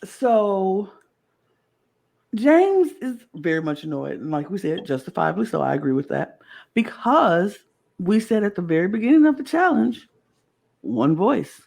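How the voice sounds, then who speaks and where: A woman co-hosting a casual podcast chat, talking in an animated way and acting out the quoted lines she retells. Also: mid-range voice, a little slow, vocal fry. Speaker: podcast co-host.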